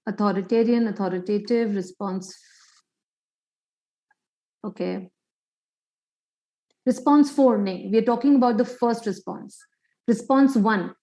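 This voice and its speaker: A woman's voice: mid-range voice, measured pace, pauses often, mellow, echoey room, poor audio. A woman psychologist giving an online parenting workshop, quizzing listeners with many questions.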